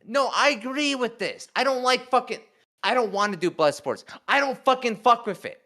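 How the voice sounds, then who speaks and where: A man's voice: extremely high pitch, lively intonation, normal speed, sharp tone. A young man, a crew member of a talk show, confronting the hosts in an emotional, heated argument, full of swearing and outbursts.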